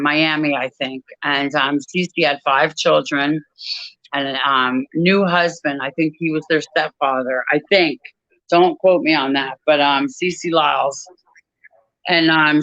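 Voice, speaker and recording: A woman guest in an interview, telling a personal story in a measured, reflective way with frequent pauses. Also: low-pitched, fairly bright tone, no room sound, highs cut off. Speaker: author and guest.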